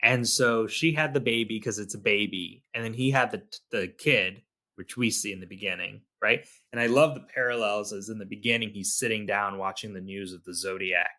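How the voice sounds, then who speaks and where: A man's voice: fairly low pitch, normal speed, bright, forceful tone. A man co-hosting a podcast, casually talking through a film's plot details step by step. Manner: laid-back, explains plot details step by step. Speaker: podcast co-host. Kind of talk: casual movie discussion.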